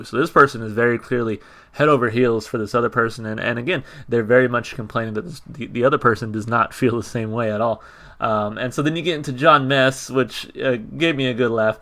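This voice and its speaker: A man at an ordinary pitch talks through a song's lyrics in a loose, unscripted way. He hesitates, repeats words and stacks fillers like "you know" and "like" as he thinks aloud. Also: moderate pace. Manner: conversational, frequent fillers and repeats, reads lyrics in a flat tone. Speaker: music reaction channel host. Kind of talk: casual commentary, reading lyrics aloud.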